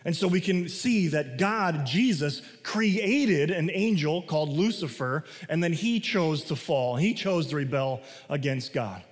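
A pastor giving a sermon, mixing casual asides and restarts with slow, stressed phrases. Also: male voice, on the high side, lively intonation, long reverb tail.

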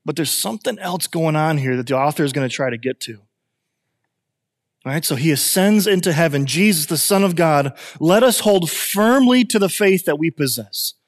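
A man in his thirties preaching a sermon, animated and conversational, often restarting and repeating his phrases. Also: a little high, moderate pace, big-room sound. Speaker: pastor.

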